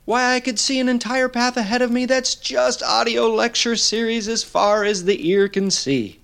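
A man's voice: extremely high pitch, moderate pace, gravelly, fairly bright tone. A man hosting a comic audio lecture series in a mock-pompous, old-fashioned lecturing manner. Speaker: host.

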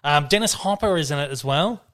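A man's voice: on the high side, lively intonation, a little fast, fairly bright tone. A man hosting a casual film chat, talking in a rambling, loose way, often restarting his sentences and swearing freely. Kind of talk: casual chat about films.

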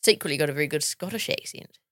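A woman's voice: deep voice, fast, a bit bright, no echo, studio quality. A woman co-hosting a podcast, chatting and telling a story in a blunt, laughing way. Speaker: podcast co-host. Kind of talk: casual chat, storytelling.

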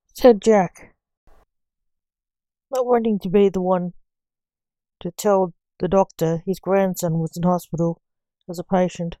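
Slow, mellow woman reading a story. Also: on the low side, fairly even intonation, no echo. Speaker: narrator.

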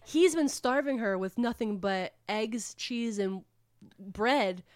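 A woman casually recapping a book plot on a podcast, rambling and animated, with swearing. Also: a little high, slow pace, clean tone, dry recording, studio quality. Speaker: podcast co-host retelling a book. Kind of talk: casual chat.

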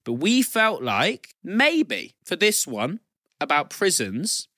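A man's voice: high-pitched, wildly swooping pitch, slow pace, pushed and bright, no echo, studio quality. A man co-hosting a podcast in casual chat, teasing his co-host, swearing and laughing often. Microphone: studio mic.

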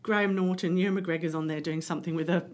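A woman co-hosting a casual chat about TV shows, eagerly chiming in with quick reactions and opinions. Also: on the low side, steady tone, a little mellow.

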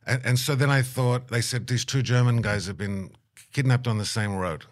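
A man's voice: medium pitch, moderate pace. A middle-aged man telling a travel story in an interview, acting out quotes and laughing often. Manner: animated anecdote-teller, acts out quotes, laughs often. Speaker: guest, aid worker.

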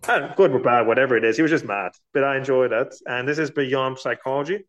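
A man's voice: mid-range voice, fast talker, a bit bright, highs cut off. Laid back guy chatting books with his cohost, teases a bit. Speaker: podcast co-host. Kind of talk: casual book chat.

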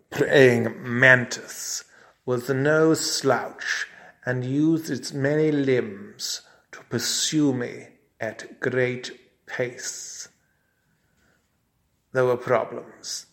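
A man telling a comic mock-heroic tale in a pompous, deadpan, mock-formal way. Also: medium pitch, creaky. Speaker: comic storyteller.

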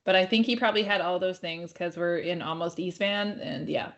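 A woman's voice: on the low side, brisk, fairly bright tone, highs cut off. A woman co-hosting a podcast from home, telling a story in a rambling, casual way and swearing freely. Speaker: podcast co-host.

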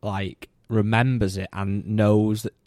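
A man's voice: lowish voice, flat delivery, takes it slowly, darkish tone, no echo, studio quality. A man co-hosting a podcast, chiming in with reflective comments in a casual conversation. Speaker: podcast co-host.

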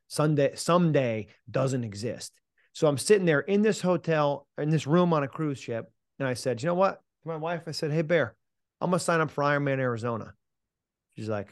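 A man's voice: mid-range voice, lively intonation, brisk, no room sound, studio quality. A middle-aged man, a mental performance coach, telling a personal story as a podcast guest in a punchy, emphatic way, casually swearing and calling the listener "man". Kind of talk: animated storytelling in an interview.

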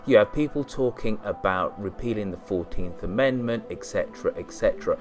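A man's voice: lowish voice, lively intonation, normal speed, hardly any pauses, faint music behind. A man hosting a political chat, pushing in with questions. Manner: pushy, interrupting with questions. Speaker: podcast host.

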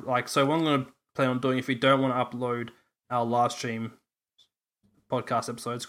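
A man's voice: mid-range voice, a bit bright. A young Australian man co-hosting a podcast, chatting casually, rambling and laughing often. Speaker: podcast co-host. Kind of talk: casual chat.

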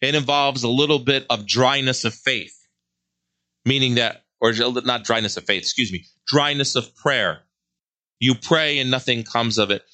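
Earnest man preaching with bright emphasis. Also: mid-range voice, normal speed. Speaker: host. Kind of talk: religious commentary monologue.

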